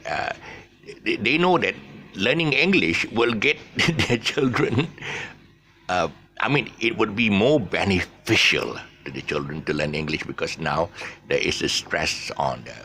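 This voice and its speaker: Low-voiced man teaching stress. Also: sharp tone, slight background noise. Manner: explains with many restarts and fillers; exaggerates stressed syllables to demonstrate. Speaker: English teacher. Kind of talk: casual spoken English lesson.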